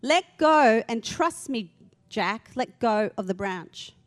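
God speaks in a calm, patient and coaxing way, as a woman puts him on. The voice is fairly high and steady, with an even, reassuring pace. It is part of a story told from the pulpit. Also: slow pace.

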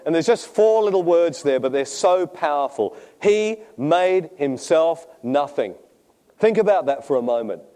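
A man's voice: on the high side, sing-song, fairly quick, few pauses, dark tone. A man preaching a sermon, telling funny stories and often laughing at his own jokes. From Australia. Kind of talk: sermon with humorous anecdotes.

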